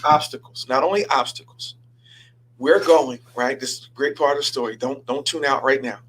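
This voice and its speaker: A man, a pastor hosting a show, telling a story in a lively sermon style, repeating himself and stumbling over words as he goes. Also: medium pitch, moderate pace, slight background noise, rough recording. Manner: animated, repeats himself and stammers.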